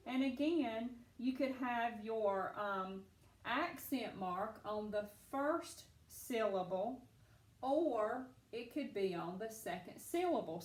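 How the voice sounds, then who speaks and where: Woman teacher, slightly high voice, unhurried and encouraging, roomy echo. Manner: patient, encouraging, talks children through steps. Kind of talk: recorded phonics lesson.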